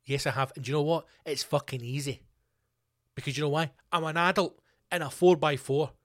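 A Scottish man hosting a solo podcast, chatting casually in a sweary, animated and ranting way. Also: fairly high pitch, fairly quick, no room sound, clean studio sound. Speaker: podcast host. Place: home podcast studio.

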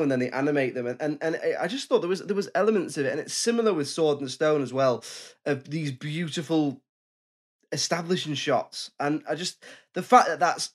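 A man chatting casually about a film as a podcast co-host, animated and quick to laugh. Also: a little high.

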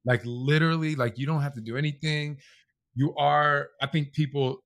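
A man's voice: fairly high pitch, fairly even intonation, moderate pace, vocal fry, a bit bright, no room sound. A man in his thirties talking with his husband in casual, heartfelt chat, full of "like" fillers. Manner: heartfelt, many "like" fillers, voice cracking with emotion. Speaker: podcast co-host, married to the other speaker.

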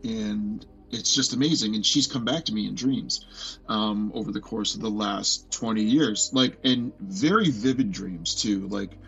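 Earnest gravelly man in his forties. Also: fairly low pitch, a bit bright, dull audio, faint music behind. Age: 40s. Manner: earnest, halting, many restarts and "like"s. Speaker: podcast guest. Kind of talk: casual personal storytelling.

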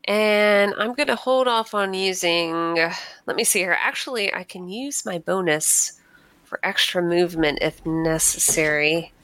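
A woman with a bright, fairly low voice talks through her turn in a tabletop game. She thinks aloud, catches herself and changes plans. The sound is dry. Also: a little slow, dry recording. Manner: thinks aloud, fillers, self-corrections. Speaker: player. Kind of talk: casual tabletop play.

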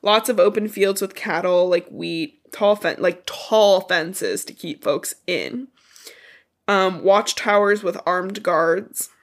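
A woman whose voice is thick with congestion, her nose stuffed up. She retells a book in loose, chatty podcast talk, cursing casually. Her pitch sits in a middling range. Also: takes it slowly. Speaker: podcast co-host.

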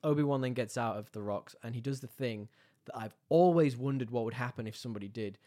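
A man in a loose, casual podcast chat. His voice sits in an ordinary middle pitch, and he talks through his ideas with plenty of fillers and easy enthusiasm. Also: fast, mellow. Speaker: podcast co-host.

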